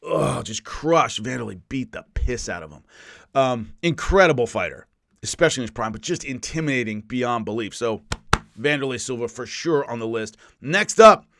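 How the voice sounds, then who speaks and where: A man, an MMA analyst, talking casually through a list with animated storytelling and quick asides. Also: medium pitch, no echo, studio quality. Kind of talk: casual spoken rundown. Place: California.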